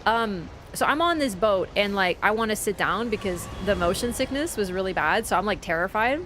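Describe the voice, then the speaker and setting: A young woman streaming a game, chatting casually and telling travel stories with animated swings into quoted voices. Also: mid-range voice, a little fast, a little hiss or hum. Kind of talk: casual chat while gaming.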